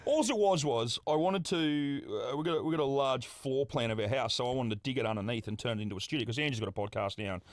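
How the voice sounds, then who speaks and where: A man's voice: medium pitch, fast talker, hardly any pauses, dry recording. An Australian man, a podcast guest, telling a story in casual chat, swearing freely and laughing through it.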